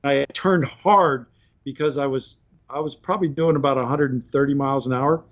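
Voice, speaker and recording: A man telling a story on a podcast in a casual, animated way, laughing between points, heard on slightly dull audio. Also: medium pitch, normal speed. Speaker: podcast guest.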